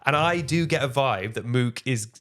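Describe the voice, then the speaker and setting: Male podcast co-host, mid-pitched, chatty and jokey. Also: moderate pace. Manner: animated, jokey, tries silly accents. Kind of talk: casual chat.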